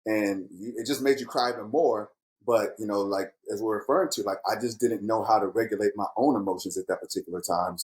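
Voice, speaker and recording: A man's voice: on the low side, fairly quick, rough recording. A middle-aged man hosting a casual, heartfelt chat with his grown kids, speaking candidly and reflectively. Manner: candid, reflective, animated when quoting himself. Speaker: podcast host and father.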